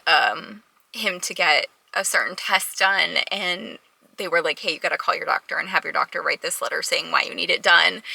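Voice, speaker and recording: Exasperated young woman with a gravelly, bright voice. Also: medium pitch, no echo, rough recording. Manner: exasperated, fast storytelling with quoted dialogue. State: close to tears. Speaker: vlogger. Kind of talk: casual vlog storytelling.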